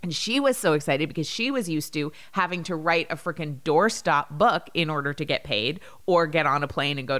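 A woman in her thirties co-hosting a podcast, chatting casually and telling stories with lively quoted voices. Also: low-pitched. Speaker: podcast co-host. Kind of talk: casual chat.

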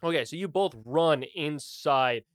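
A man's voice: on the high side, a little slow, no echo, clean studio sound. A young man narrating as game master of a tabletop game, loose and often laughing.

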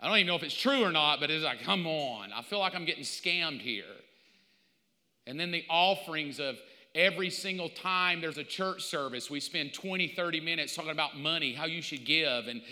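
A male pastor preaches a sermon in a hall with a long echo. His voice is bright and forceful, set a little high. He tells stories with animated, playful mock quotes. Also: fairly quick.

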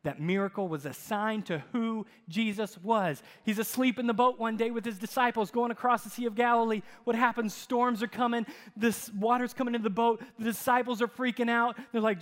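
A man preaching a sermon as pastor, telling stories with dramatic swings in loudness. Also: very high-pitched, a little fast, hardly any pauses. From United States. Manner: animated storytelling, dramatic shifts in loudness. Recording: long hall reverb.

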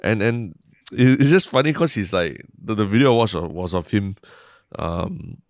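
A man's voice: fairly low pitch, lively intonation, moderate pace, no room sound, studio quality. A young man with a Singaporean English accent co-hosting a podcast, chatting casually and rambling, often trailing off and adding "lah". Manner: rambling, self-interrupting, frequent "lah" and "like". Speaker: podcast co-host.

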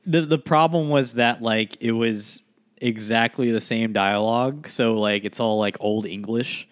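A man's voice: medium pitch, a little slow. Offhand young man joking on a podcast. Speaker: podcast co-host. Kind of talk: casual film-podcast chat.

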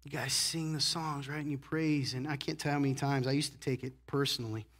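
A man preaching a sermon to his congregation in a casual, conversational way, often asking "right?" and swinging from hushed asides to loud emphasis. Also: medium pitch, steady tone, a little fast. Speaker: pastor. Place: church sanctuary.

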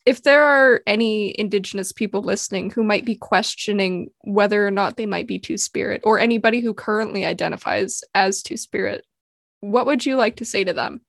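Polite woman interviewer, measured. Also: medium pitch, creaky, no room sound, studio quality. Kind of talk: interview questions.

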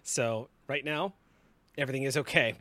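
A man's voice: medium pitch, normal speed, sharp tone, no room sound. A man narrating as game master of a tabletop role-playing game, describing the action and calling for dice rolls.

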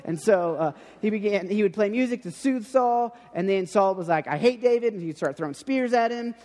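Male preacher, high voice, informal and rambling, hall reverb. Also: normal speed, darkish tone. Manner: chatty, repeats words and restarts, acts out quoted speech. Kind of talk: casual sermon.

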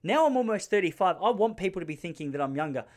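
A man's voice: sits high, big pitch swings, fast talker. A man, hosting a solo comedic podcast from a spare room at home, rambling and poking fun at himself. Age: 30s. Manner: rambling, self-mocking storytelling with quoted voices. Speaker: podcast host.

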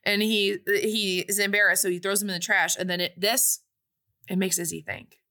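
Bright chatty woman doing a movie recap, breezy and animated. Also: mid-range voice, normal speed. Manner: animated, breezy retelling with acted-out quotes. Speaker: podcast co-host recapping a film. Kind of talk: casual recap chat.

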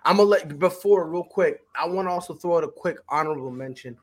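Man, high voice, husky, boisterous, emphatic, casual sports chat co-host. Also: fairly quick. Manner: boisterous, hyped, emphatic bold predictions. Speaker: podcast co-host.

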